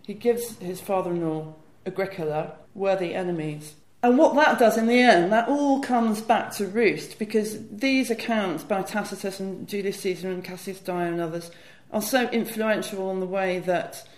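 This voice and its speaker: A woman's voice: mid-range voice, moderate pace, few pauses, a little mellow, reverberant. A woman talking as a guest historian, explaining fluently and enthusiastically with frequent "you know" fillers. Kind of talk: conversational academic explanation.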